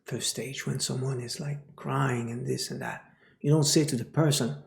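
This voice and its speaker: A man giving a spiritual teaching talk, speaking slowly and often dropping into a whisper. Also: mid-range voice, steady tone, creaky, reverberant. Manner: slow, often drops into a whisper.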